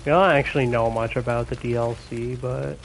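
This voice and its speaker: A young man chatting casually while streaming a game, excitable and swearing a lot, with laughs between his words. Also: medium pitch, fairly quick, creaky, faint music behind, low-quality recording. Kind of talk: casual gaming stream chat. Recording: faint background noise.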